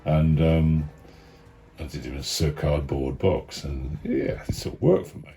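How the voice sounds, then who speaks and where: Male cartoonist, low voice, rambling studio chat, mutters and swears. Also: fairly even intonation, unhurried, dark tone, soft background music. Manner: rambling, mumbling asides, swears, chuckles. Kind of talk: casual talk about his sketches. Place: his studio.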